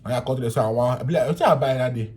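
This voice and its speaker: Young Nigerian man, mid-pitched voice, vlogger telling an animated, laughing story. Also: racing. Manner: animated, laughing, swings from loud to quiet. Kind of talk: casual storytelling in pidgin.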